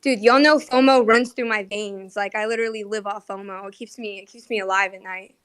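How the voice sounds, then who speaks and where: A woman's voice: mid-range voice, fairly even intonation, fairly quick, fairly bright tone, clear, resonant tone, no echo. A young woman hosting a casual online chat, talkative and self-deprecating with lots of fillers. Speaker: host.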